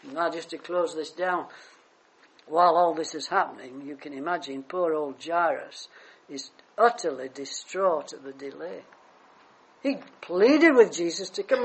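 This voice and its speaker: A preacher with a husky, breathy edge to the voice, pitched in the middle. The sermon is delivered as dramatic storytelling, swinging between loud emphasis and quiet, hushed asides. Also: measured pace, poor audio.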